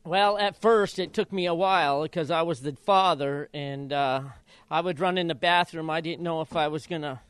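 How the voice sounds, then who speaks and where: A man's voice: fairly high pitch, moderate pace, clean tone, dry recording. An older man from Idaho, a retired jockey and father of jockeys, telling stories in a casual interview and acting out quotes with laughs. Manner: animated storyteller, acts out quotes with laughs.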